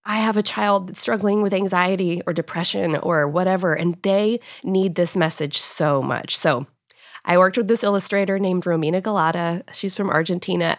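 Emotional woman author, thirties, warm laughter, close dry mic. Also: fairly low pitch, dry recording. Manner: heartfelt, emotional, laughs often. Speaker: author guest. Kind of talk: podcast interview.

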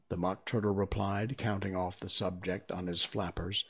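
A man narrating a storybook in an unhurried, expressive reading. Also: deep voice, slightly rough.

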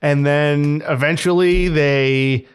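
A man's voice: on the high side, fairly even intonation, slow, clean tone. A young man co-hosting a podcast, retelling a film plot in casual chat, laughing often and swearing freely. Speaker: podcast co-host.

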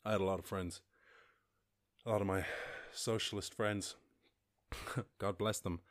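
Low-voiced man telling a rambling story. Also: a little slow, no room sound, clean studio sound. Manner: rambling, animated storytelling with swearing and bursts of outrage. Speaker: podcast host. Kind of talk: casual monologue answering listener questions. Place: lives in rural Ireland.

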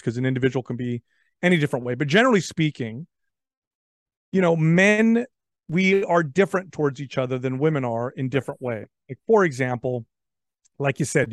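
Male podcast guest, mid-pitched, storytelling, talks in restarts, dry close sound. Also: no room sound. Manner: animated storyteller with frequent repeated words. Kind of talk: casual chat.

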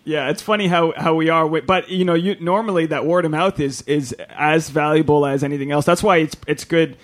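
A man's voice: on the high side, steady tone, fairly quick. A man, a podcast host and stand-up comedian, chatting casually with plenty of restarts. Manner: rambling, many restarts and fillers. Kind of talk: casual chat.

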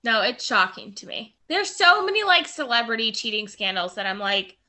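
A young woman co-hosting a casual podcast, reacting quickly and swearing casually. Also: a little high, animated, pushed and bright. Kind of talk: casual chat.

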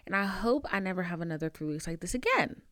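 A young woman hosting a podcast, telling a personal story in a brash, profane and dramatic way, with big swings in pitch and loudness. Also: animated, fast, no room sound, clean studio sound. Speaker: podcast host. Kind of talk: casual storytelling monologue.

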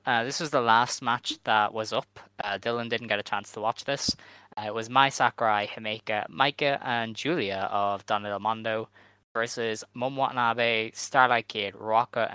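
A man's voice: lowish voice, clear, resonant tone, no room sound. Guy hosting a podcast, chill recap talk, really dry close mic sound. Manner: relaxed recapping, steady. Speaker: podcast host. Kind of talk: casual chat.

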